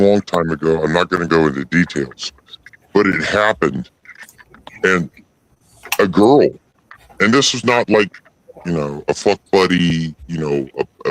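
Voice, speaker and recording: Deep-voiced man, blunt and profane. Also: a bit bright, no echo, poor audio. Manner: blunt, profane, halting storytelling. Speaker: host. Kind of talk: casual chat on a livestream.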